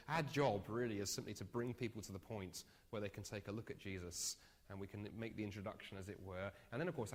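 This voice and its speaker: A man giving an evangelism training talk, telling a story with lively, self-mocking humor. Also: fairly low pitch. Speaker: speaker. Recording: echoey hall sound.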